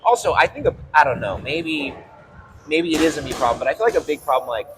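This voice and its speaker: A man's voice: fairly high pitch, very animated, fast. A man hosting a casual conversation, rambling and telling stories with many fillers, over background noise.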